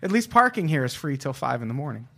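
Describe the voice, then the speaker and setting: A man's voice: medium pitch, sing-song, fast, gravelly, a bit bright. A man co-hosting a podcast, trading wry, teasing banter in casual chat. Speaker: podcast co-host.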